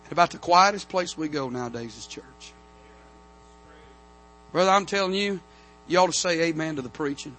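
A man preaching a revival sermon from the pulpit, telling stories and building to loud, emphatic amens. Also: on the high side. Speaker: pastor. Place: church sanctuary.

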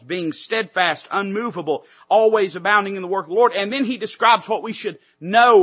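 A man's voice: high voice, a bit bright, slightly rough, muffled recording. A man preaching a sermon to his church, building emphasis with repeated phrases. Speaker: pastor. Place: church sanctuary.

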